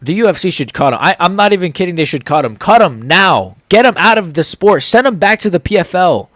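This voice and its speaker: A young man rants about a fight he is watching live, heated and swearing. His voice sits a little high and swings widely in pitch. The sound is close and dry, with no room echo. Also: animated, brisk, fairly bright tone. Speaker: MMA channel host.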